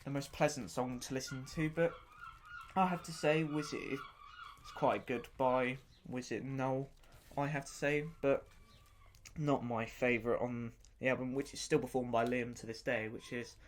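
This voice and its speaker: A man's voice: mid-range voice, fairly even intonation, a little slow, slight background noise. A man hosting his own podcast and reviewing an album in casual unscripted talk. He rambles enthusiastically, often repeating himself and stopping to search for words.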